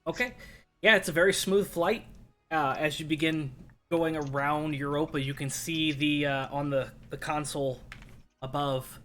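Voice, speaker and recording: A man's voice: fairly high pitch, steady tone, normal speed, a bit bright, soft background music. A man running a sci-fi tabletop game as game master, explaining scenes with many fillers.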